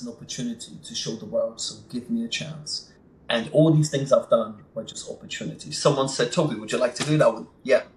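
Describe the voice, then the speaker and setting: A man talking as a podcast guest in a casual interview, enthusiastic and emphatic, sometimes acting out what others say. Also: medium pitch. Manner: enthusiastic, emphatic, acts out quotes. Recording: echoey room with faint noise.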